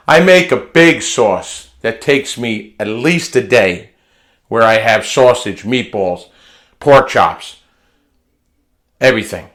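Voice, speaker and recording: A man's voice: mid-range voice, fairly bright tone. A man talking through a home recipe in a chatty, folksy way, often repeating words and restarting phrases. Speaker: home cooking vlogger. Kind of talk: casual cooking demonstration. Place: home kitchen.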